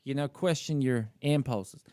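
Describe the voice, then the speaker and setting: A man with an average-pitched voice talks casually on a podcast and tells a story about himself without holding back. He is self-critical and piles on "you know" and "like". The sound is close and dry, with no room echo. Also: unhurried, dark tone. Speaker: podcast co-host. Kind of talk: casual chat.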